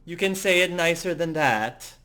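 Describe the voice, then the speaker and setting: A man's voice: on the high side, expressive, moderate pace, bright, forceful tone, voice pushed up. A man voicing a cocky, smug young male bully in a tabletop role-play, talking in a mocking, taunting way.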